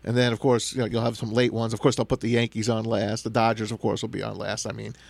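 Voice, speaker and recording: A man hosting a casual sports talk show, chatting with animated, teasing banter. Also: fairly low pitch, fast talker, gravelly, no echo.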